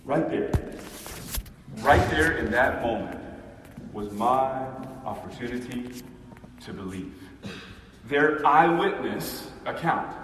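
A man preaching a dramatic first-person sermon monologue, impassioned, swinging between hushed and loud. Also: on the high side, a little hiss or hum. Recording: echoey hall, mic far off.

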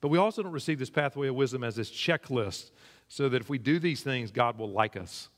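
A man preaching a sermon in a conversational way, his pitch climbing when he stresses a point. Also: animated, a little fast. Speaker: pastor. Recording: long hall reverb.

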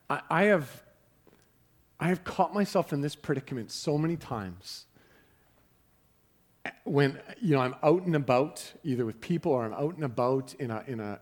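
A man's voice: medium pitch, a little mellow. A man preaching a sermon in a conversational way, often repeating words as he starts a sentence. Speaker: pastor.

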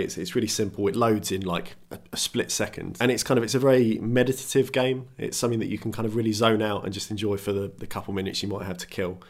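A man with a lowish voice talks fast in relaxed chat, co-hosting a podcast. He rambles through his points with plenty of "like" and "kind of". His delivery stays fairly even, close to monotone. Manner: thoughtful, explains at length with many "like" and "kind of"; calls his own voice monotone. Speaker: podcast co-host. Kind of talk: casual chat. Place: at a table with his co-host.

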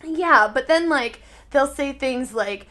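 A young woman in casual chat, talking in an animated, rambling way with lots of "like". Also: sits high, measured pace. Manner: animated, rambling storytelling with frequent "like".

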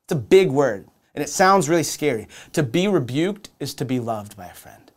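A man's voice: fairly high pitch, sing-song, normal speed. A young adult man preaching a sermon in an earnest, conversational way, often repeating and restarting his words. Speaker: pastor.

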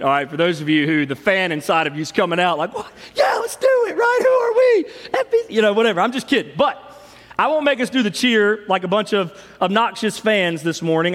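Pastor guy, kinda high voice, lively storytelling sermon, big echoey church. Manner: storytelling, animated, fond of shouting the cheer. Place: large church sanctuary. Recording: long hall reverb.

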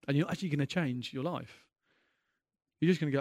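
A man's voice: fairly high pitch, fairly quick, a little mellow, dry recording, clean studio sound. A man preaching a sermon as a pastor, earnest and impassioned, often restarting his sentences and building in intensity.

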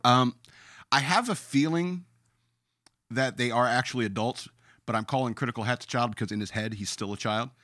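A male podcast host with a fairly bright mid-range voice talks a little fast, ranting with sarcasm and emphasis and sometimes mockingly reading out his own comments. The sound is studio quality with no echo.

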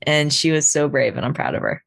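A woman with a low voice recounts a story in loose, animated chat, sprinkling in swearing and fillers. The recording is dry and close. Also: fairly quick, vocal fry, dry recording. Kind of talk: casual storytelling.

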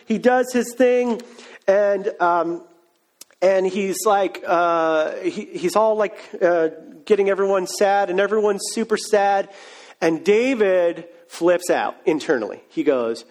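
A man's voice: high voice, unhurried, a little mellow. A man preaching a sermon, retelling a story in a casual, joking way. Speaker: pastor.

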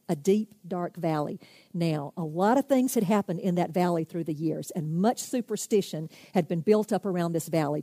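A woman preaching earnestly to a group of women, moving from emphatic storytelling into a gentle prayer. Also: mid-range voice, no echo, clean studio sound. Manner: earnest, emphatic, softening to hushed. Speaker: women's ministry speaker.

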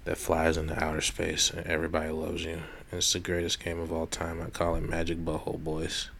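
A man's voice: sits low, completely flat delivery, a little fast, creaky, fairly bright tone, a little hiss or hum. A young man co-hosting a podcast, chatting casually with lots of swearing and rambling jokes. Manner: rambling, profane, jokey. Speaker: podcast co-host. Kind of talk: casual chat.

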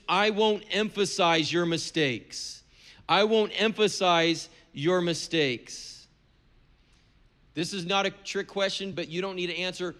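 A man's voice: sits high, pushed and bright. A middle-aged man, a pastor, preaching a sermon in an earnest, conversational way with touches of humor.

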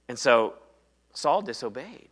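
Bright-voiced preacher man. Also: mid-range voice. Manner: animated storytelling, acting out biblical dialogue. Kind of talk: sermon.

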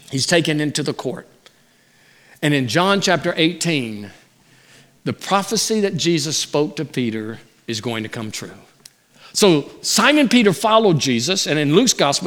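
A man preaching a sermon as pastor, animated, acting out the words of people in the story. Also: high-pitched.

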